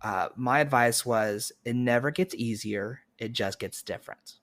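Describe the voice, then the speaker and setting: A young adult man appearing as a podcast guest, sharing animated, joking anecdotes in casual chat. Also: medium pitch, a little slow.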